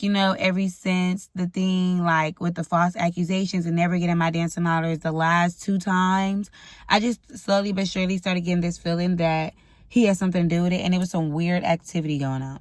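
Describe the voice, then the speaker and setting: A woman's voice: fairly low pitch, fairly even intonation, a little fast, dry recording. A young woman telling a storytime vlog, blunt and profane, venting frankly. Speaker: vlogger. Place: indoors at home, ring light.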